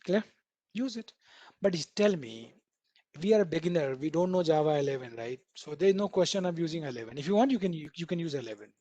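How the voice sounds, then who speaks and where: A man's voice: fairly high pitch, quick pace, no room sound, highs cut off. Chatty man teaching code. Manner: chatty, repeatedly checking in with "right?"; animated, acting out what the code editor says. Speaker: programming instructor. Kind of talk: live online coding class.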